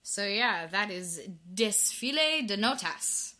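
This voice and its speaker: Over loud music, a woman co-hosting a relaxed podcast chats animatedly, laughs, and uses "like" a lot. Her voice is medium-pitched and her delivery slow.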